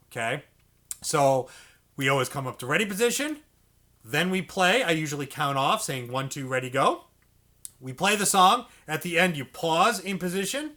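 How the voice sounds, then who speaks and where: Male sax teacher, high animated voice, patient step-by-step coaching. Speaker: saxophone teacher. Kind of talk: instructional explanation for beginners.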